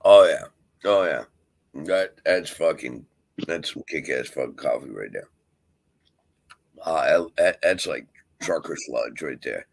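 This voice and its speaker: Deep gravelly man, swearing vlogger. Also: animated, slow pace, long pauses, dry recording, rough recording. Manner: profane, rambling, grumbling. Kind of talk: casual rambling monologue.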